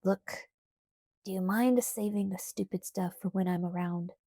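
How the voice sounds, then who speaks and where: A woman reading the lines of a young man in an audiobook, worried and angry, speaking low and urgently. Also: fairly even intonation, measured pace, warm tone, dry recording, studio quality.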